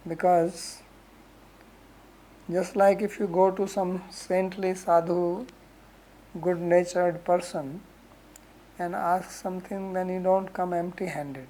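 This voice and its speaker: A woman who teaches scripture verses, explaining them slowly with homely examples and frequent "right?" asides. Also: lowish voice, mellow, slight background noise, low-quality recording. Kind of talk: lecture on Sanskrit verses.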